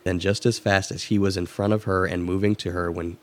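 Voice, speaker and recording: Deep monotone dude reading a creepy story on a podcast, steady pace. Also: male voice, a little fast, slight background noise. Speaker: podcast co-host. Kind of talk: reading a spooky story aloud.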